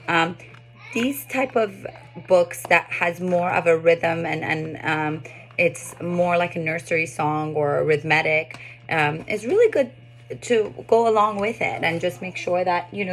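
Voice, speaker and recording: Woman in her thirties, speech therapist, lowish gravelly voice, calm explaining tone. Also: moderate pace. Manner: calm explanatory talk with bursts of lively read-aloud demonstration. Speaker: speech pathologist. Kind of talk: explaining tips to parents and therapists.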